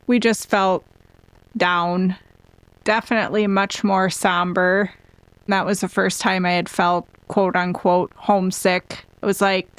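A woman's voice: mid-range voice, flat delivery, a little slow, clean tone, no room sound. A young adult woman from Minnesota, a former student, recalling a school trip in a chatty, conversational way. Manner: conversational, with likes and you-knows. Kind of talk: interview recollection.

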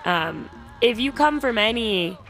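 A woman's voice: fairly high pitch, expressive, measured pace, a bit bright. A woman co-hosting a radio music show, thoughtfully searching for words as she talks about singers and songs.

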